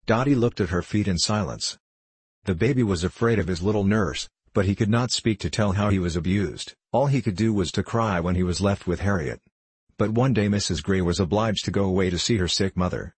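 A man narrating an audiobook in a steady, measured storytelling manner. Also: low-pitched, breathy edge, no echo.

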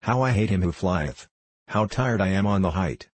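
A man voicing an anguished young man, restless and ashamed, in old-fashioned storybook speech. The voice is low and husky. It sounds close and dry. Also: lively intonation, moderate pace, no room sound.

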